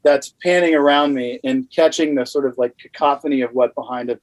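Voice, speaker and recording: Poor audio carries a mid-range male voice, fairly quick, belonging to a Louisiana man guesting on a podcast. His casual anecdote wanders animatedly, with plenty of fillers along the way.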